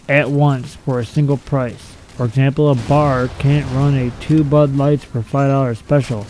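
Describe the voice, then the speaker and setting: A young man reads out a list of strange laws and tears into each one with crude, mocking commentary. His voice sits at a middling pitch with a mellow, dark tone. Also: slight background noise, low-quality recording. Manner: blunt, profane and mocking. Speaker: video commentator. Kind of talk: reading out and ranting about silly laws.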